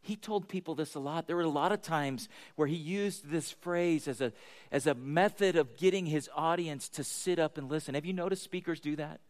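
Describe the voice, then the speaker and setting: A man's voice: on the high side, normal speed. A middle-aged man preaching a conversational sermon, chatty and self-deprecating, often asking the congregation questions. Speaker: pastor.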